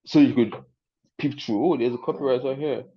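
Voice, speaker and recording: A man's voice: mid-range voice, fairly quick, breathy edge. Chatty Nigerian man, lo-fi. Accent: Nigerian English. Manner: chatty, excitable, laughs often. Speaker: webinar host. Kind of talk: live webinar teaching.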